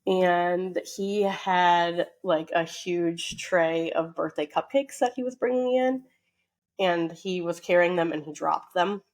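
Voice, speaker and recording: A woman co-hosting a casual podcast, talking on at length in a chatty, animated way. Her voice sits on the low side, and she keeps a story going with loose fillers. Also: slow. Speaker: podcast co-host.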